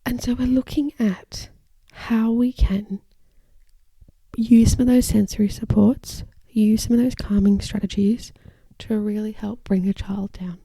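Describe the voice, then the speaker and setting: A woman with a dark, mellow voice that carries a gravelly edge of fry, explaining as an occupational therapist on her podcast. She speaks calmly and deliberately, and her phrases keep fading into breathy near-whispers. The sound is close and dry. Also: medium pitch, no room sound. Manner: calm, measured, phrases trailing into breathy whispers. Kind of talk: educational podcast talk. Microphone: microphone.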